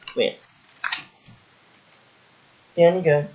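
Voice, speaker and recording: A woman's voice: sits low, drawn-out words, muffled recording. A woman giving casual let's play commentary, full of exasperated exclamations and self-mocking remarks. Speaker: gamer playing a parkour map.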